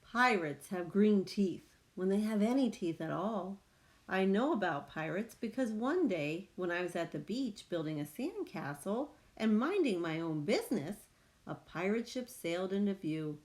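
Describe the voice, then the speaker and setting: A woman reading a children's picture book aloud, with slow, expressive storytelling. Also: medium pitch. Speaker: reader.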